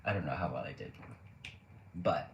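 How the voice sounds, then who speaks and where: A live streamer with a very deep voice reads chat and chats casually with his audience at a normal speed, joking, laughing often and rambling with fillers. The audio is dull, with a roomy echo and faint background noise.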